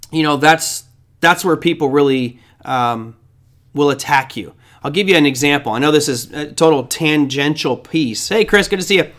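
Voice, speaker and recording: A man's voice: on the high side, normal speed, fairly bright tone. A man hosting a trading show, giving casual market commentary in a rambling, conversational way with side stories.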